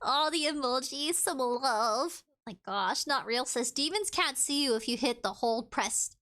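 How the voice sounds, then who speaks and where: A high-pitched woman streamer with a bright, sharp tone and a pitch that jumps all over. She chats casually with viewers and reads their comments aloud. She is playful and breaks into giggles often. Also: animated, unhurried. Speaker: live streamer. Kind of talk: casual live-stream chat.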